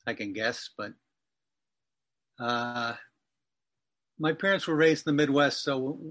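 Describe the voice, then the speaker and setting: A man's voice: mid-range voice, slow, a bit bright. A man in his fifties from Massachusetts, a writer telling a rambling, wry personal story as an interview guest. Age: 50s. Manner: wry, digressive, self-correcting storyteller.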